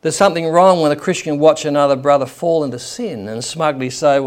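A man's voice: on the high side, a little fast. Man preaching in a conversational tone. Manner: conversational preaching, acting out quoted people. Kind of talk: sermon.

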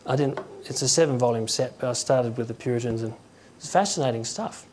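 Man, conversational preacher, halting delivery, acts out stories. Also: medium pitch, a little mellow, a little hiss or hum. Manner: conversational, halting, with chuckles and acted quotes. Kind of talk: informal sermon.

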